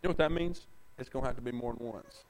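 A man preaching a sermon, emphatic and preachy, swinging from loud declarations to hushed asides and drawing out scripture slowly. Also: medium pitch, rough recording. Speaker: pastor.

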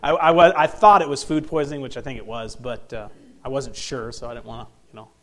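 Man, preacher, folksy, middle pitch, chuckling. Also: fairly even intonation, fast. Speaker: visiting preacher. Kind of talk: sermon with joke telling.

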